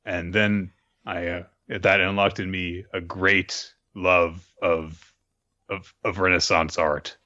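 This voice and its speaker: A very low-voiced man co-hosting a casual podcast, joking in a deadpan, rambling way full of hesitant "uh"s. His voice is deep but has a sharp, bright edge. The recording sounds dull and lo-fi. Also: takes it slowly. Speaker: podcast co-host.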